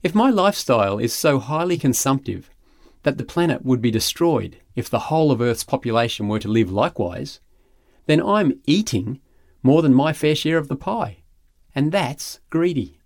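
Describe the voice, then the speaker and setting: Male preacher, animated delivery, dramatic pauses, dry close recording. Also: mid-range voice, no room sound. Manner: expressive storytelling with dramatic pauses. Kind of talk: sermon mixing film recap and scripture reading.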